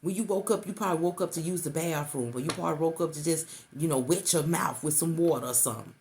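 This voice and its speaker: Middle-aged woman, tarot reader, low voice, coaxing and repetitive, faint noise behind. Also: fast, a little mellow. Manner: repetitive, coaxing, calls listener baby. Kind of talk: intuitive tarot reading to the viewer.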